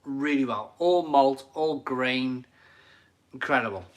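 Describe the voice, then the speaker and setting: A man's voice: medium pitch, slow. A middle-aged man casually chatting on a live stream from his home kitchen, enthusiastic and rambling, repeating his phrases as he reads out viewer comments.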